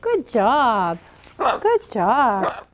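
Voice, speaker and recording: A woman's voice: fairly high pitch, wildly swooping pitch, extremely slow. A woman talking to her pet bird, coaxing and praising it in a sing-song pet voice. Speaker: bird owner.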